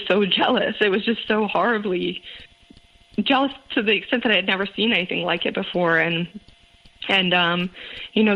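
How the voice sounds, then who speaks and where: A woman's voice: on the low side, pushed and bright. Hesitant woman on a lo-fi line. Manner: hesitant, many fillers and restarts. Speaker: guest. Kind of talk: casual personal account.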